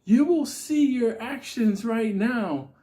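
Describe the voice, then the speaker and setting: A man doing a strung-out, menacing man with a strained, raised voice that drags out every threat. He sounds solemn and dramatic, as if he is about to snap. The tone is dark and mellow despite the pitch. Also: animated, takes it slowly, full character voice.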